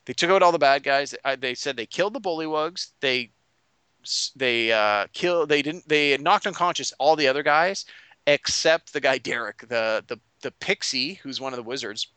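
A man's voice: medium pitch, expressive, moderate pace, bright, forceful tone, clear, resonant tone, no echo. A man acting as game master who recaps a tabletop session in a casual, rambling way, with frequent restarts. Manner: rambling, many restarts and fillers.

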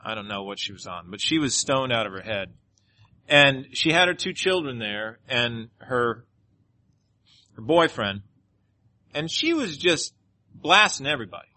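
A male pastor preaching, telling a story in an animated way and leading a closing prayer. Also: mid-range voice, a little slow, pauses often. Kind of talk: sermon with personal storytelling.

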